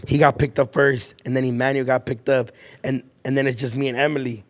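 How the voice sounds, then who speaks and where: A young man with a medium-pitched voice talks a little fast while hosting a podcast. In casual storytelling chat he covers school stories, swearing and using heavy slang while acting out whoever he quotes.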